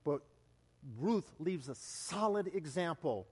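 A high-pitched man delivering a sermon, preaching in an animated storytelling way. He swings between loud, excited outbursts and quiet, hushed lines. His voice rings out with long reverb, as in a church sanctuary. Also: slow, slightly rough. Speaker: pastor.

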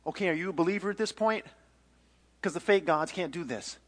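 A man's voice: sits high, a little fast. A man teaching a Bible story in a casual, playful way, acting out scenes and joking along the way. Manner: animated, playful, acts out the story with jokes.

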